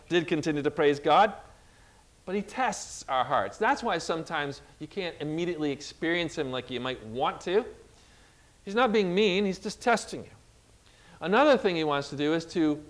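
A man preaching a sermon as pastor, animated, asking the congregation questions and swinging in pitch and loudness.

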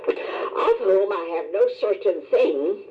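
Lively low woman reading scripture, lo-fi. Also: slow. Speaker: scripture reader. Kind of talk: scripture reading with verse numbers.

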